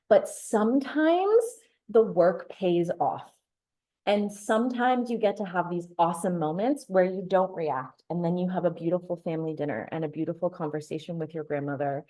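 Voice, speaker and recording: A woman's voice: fairly low pitch, animated, moderate pace, mellow. A woman in her thirties giving a presentation, telling a candid personal story and sometimes restarting or repeating words. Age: 30s.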